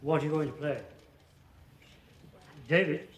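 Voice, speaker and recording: An actor playing a friendly person who coaxes a pianist to play. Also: male voice, a little high, steady tone, measured pace, reverberant, a little hiss or hum, natural voice. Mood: encouraging. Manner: encouraging, coaxing.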